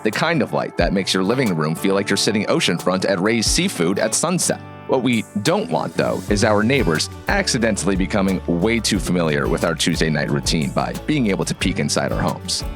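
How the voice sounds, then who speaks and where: A man hosting a local podcast, reacting briefly and reading a sponsor spot in a relaxed way. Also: low voice, fairly quick, few pauses, over music. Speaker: podcast host. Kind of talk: interview and read ad.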